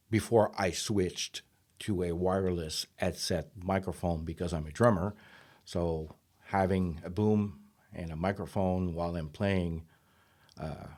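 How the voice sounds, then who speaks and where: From his home studio, a drummer in his fifties demos vocal mics in a relaxed talk to camera, his low voice a little mellow. He reasons out loud and fixes his own wording along the way. He's recorded close up on a studio vocal microphone.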